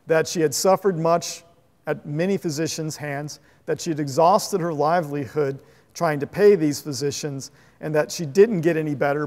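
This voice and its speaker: Animated pastor preaching with long hall reverb. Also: male voice, on the high side. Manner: animated, conversational, laughs at own asides. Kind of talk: sermon. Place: church sanctuary.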